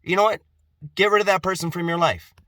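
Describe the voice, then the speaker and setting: A man's voice: sits high, fairly even intonation, fast talker, sharp tone, no room sound, studio quality. A middle-aged man delivering an emphatic personal monologue to camera, piling up rhetorical questions and repeating himself for effect. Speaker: vlogger.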